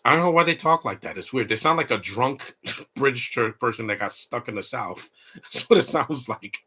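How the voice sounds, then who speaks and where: A man's voice: medium pitch, expressive, normal speed, sharp tone, slightly rough. A man hosting a casual live movie commentary, rambling and opinionated with blunt asides.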